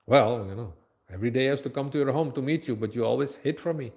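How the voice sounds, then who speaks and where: A man voicing a divine young male cowherd who gently scolds, quoted within a temple story. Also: medium pitch, fast talker, lightly acted. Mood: reproachful.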